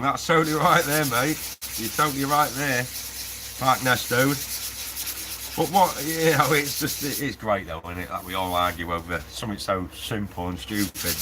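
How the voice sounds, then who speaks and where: A man hosting a casual live stream while building a prop, chatting with viewers, laughing often and reading the chat aloud. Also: mid-range voice. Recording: noisy workshop with sanding. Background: sanding and 3D printer noise.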